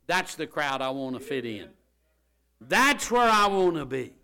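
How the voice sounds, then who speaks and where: Preacher guy hollering his sermon, bright sharp voice, repeats himself a lot. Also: a little high, very animated, measured pace, smooth. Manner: rising to loud impassioned shouting, repeats phrases. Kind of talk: fiery sermon.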